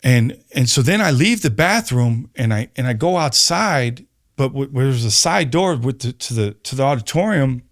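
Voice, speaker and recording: A man telling a personal story in casual conversation, animated, acting out quoted voices and peppering his speech with fillers. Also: normal speed. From Chicago, USA. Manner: animated storyteller, acts out quotes with rising pitch, many fillers. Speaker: podcast guest.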